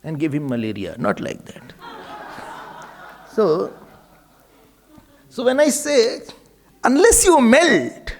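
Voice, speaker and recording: A man, giving a spiritual discourse in an animated, storytelling manner. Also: on the high side, slow, pauses often, slight background noise. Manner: animated, storytelling, laughing often. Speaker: spiritual teacher.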